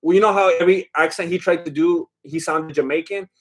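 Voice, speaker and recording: A man's voice: a little high, fairly quick. Chatty man hosting a live stream. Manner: chatty and scattered, laughing often. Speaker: livestream host. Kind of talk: casual live watch-along chat reading viewer comments.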